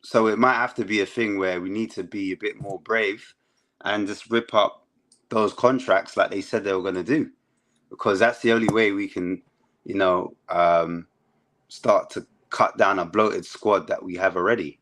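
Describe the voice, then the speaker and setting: Deep voiced guy rambling about his football club, relaxed fan chat. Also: moderate pace. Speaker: fan panelist.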